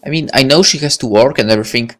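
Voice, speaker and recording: A woman reads a visual novel aloud, voicing a thoughtful high school senior girl in a musing, inner-monologue style. She races through the lines while faint music plays behind her.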